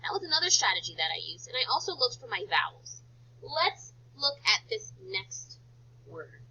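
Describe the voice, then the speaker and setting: Woman teacher, phonics lesson for little kids; lively, sing-song delivery, high pitch. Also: slightly rough. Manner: slow, sing-song, exaggerated teacher talk. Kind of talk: phonics lesson for young children. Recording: dull lo-fi recording.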